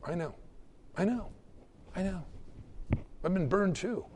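A man's voice: high-pitched, expressive, a little slow, darkish tone, slightly rough. A man preaching a conversational sermon, acting out little everyday exchanges between people. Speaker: pastor.

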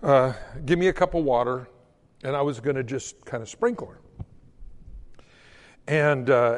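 A male pastor preaching in a church sanctuary, his voice ringing with a long reverb. His voice sits high for a man and swoops up and down with great liveliness. He tells stories and reads scripture with sudden bursts of loudness. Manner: storytelling with sudden swings in pitch and loudness. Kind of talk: sermon.

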